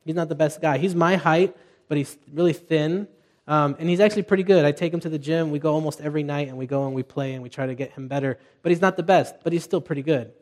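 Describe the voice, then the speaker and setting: A man's voice: fairly high pitch, fast talker, a little mellow. A middle-aged man delivers a sermon as pastor in a slightly raised voice. He talks casually and tells stories, often restarting sentences and adding asides to the congregation. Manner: conversational, storytelling, with restarts and asides.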